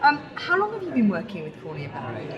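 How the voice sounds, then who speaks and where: A woman's voice: mid-range voice, wildly swooping pitch, fast talker, a bit bright. A woman with a British accent interviewing a guest in a chatty, encouraging way. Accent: British English. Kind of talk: casual interview. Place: busy wine tasting room. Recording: busy crowd behind. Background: crowd chatter.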